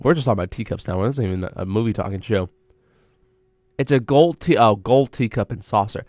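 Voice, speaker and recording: A man's voice: on the low side, brisk, a little mellow, dry recording. A young man hosting a college radio show, chatting alone in a rambling, self-interrupting way into a studio mic. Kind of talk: casual solo radio chat.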